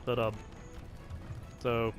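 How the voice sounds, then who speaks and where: A man's voice: medium pitch, completely flat delivery, very slow, faint music behind. A man casually commenting on his video game session, chatty and self-deprecating. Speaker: let's play host.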